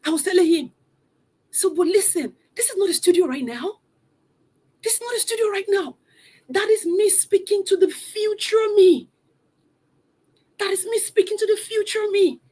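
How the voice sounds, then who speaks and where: Her voice is very high and dark-toned, with a moderate pace and long pauses. She is a mother of three and a motivational coach leading a live online event from a room at home instead of a studio, energetically urging her audience over and over.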